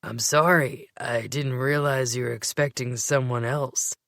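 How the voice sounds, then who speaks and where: A teasing young man with a slow, unhurried drawl, as a woman narrator puts him on. He sits a little lower than her own voice and sounds relaxed and amused. The sound is dry and close. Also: creaky, no echo, heavily acted.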